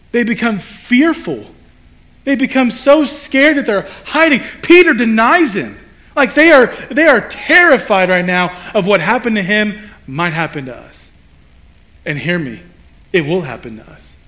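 Before a gathered congregation, a man preaches in a high-pitched, bright, forceful voice. His delivery is conversational, full of rhetorical questions and dramatized quotes.

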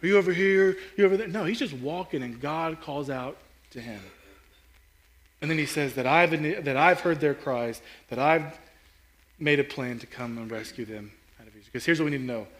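A man's voice: mid-range voice, normal speed, fairly bright tone. A man preaching a sermon as pastor, earnest and rising in intensity, often repeating and restarting his words.

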